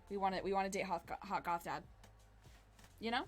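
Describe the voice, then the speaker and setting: A young woman in her twenties streaming a dating game, chatting casually, excitable and giggly, swearing now and then. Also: medium pitch, normal speed. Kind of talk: casual gameplay commentary.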